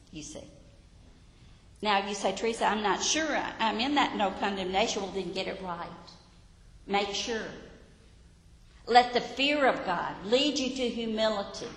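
A woman's voice: medium pitch, a bit bright. Earnest woman teaching in echoey hall. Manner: earnest, exhorting, conversational. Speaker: Sunday school teacher. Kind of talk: Bible lesson. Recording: echoey hall with room reverb.

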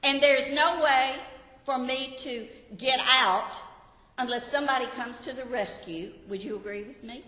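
A woman with a bright, fairly high voice teaches a Bible lesson at an unhurried pace. She sounds earnest and keeps drawing her listeners in with rhetorical questions. Her voice rings out in a large, reverberant hall.

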